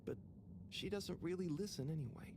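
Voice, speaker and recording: An actor playing a shy, tired young man who mutters to himself and talks to his pet fish in soft, half-whispered asides, in a video game. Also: fairly high pitch, normal speed, background noise, lightly acted. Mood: muttering. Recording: game audio with ambience.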